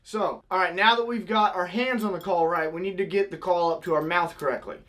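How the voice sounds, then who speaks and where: A man's voice: high-pitched, fairly even intonation, brisk, very noisy. A young man casually teaching, step by step, how to blow a goose call. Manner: step-by-step, demonstrating with vocal honk sounds.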